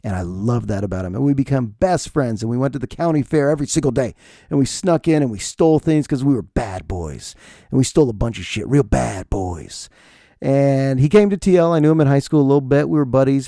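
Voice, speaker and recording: A man in his forties rambles through a solo podcast in a chatty, self-deprecating way. His voice is gravelly and mellow. The sound is dry and close, with no room around it. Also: medium pitch, no echo. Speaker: podcast host. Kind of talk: casual solo podcast monologue.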